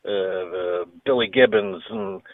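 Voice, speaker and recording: A man, a guitarist guest on an interview, telling stories and acting out quoted dialogue with lively energy. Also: low-pitched, measured pace, creaky, no echo, phone-quality sound. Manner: animated storyteller who acts out quoted dialogue. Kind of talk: storytelling interview.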